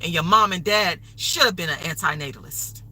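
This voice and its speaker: A woman's voice: on the low side, a little fast, pushed and bright, rough recording. A woman hosting a livestream, delivering an angry, profane, repetitive rant. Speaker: livestream host.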